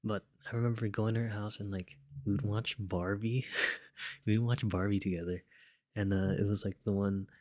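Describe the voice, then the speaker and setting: A man's voice: fairly low pitch, fairly even intonation, normal speed, a little mellow, no echo, clean studio sound. A young man casually telling a personal story, rambling with lots of fillers and restarts and chuckling now and then.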